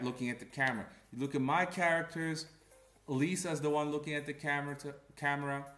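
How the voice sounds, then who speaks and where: Man, comic creator ranting to camera: blunt, animated, slangy, recorded in an echoey room. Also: mid-range voice. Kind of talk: casual ranting commentary.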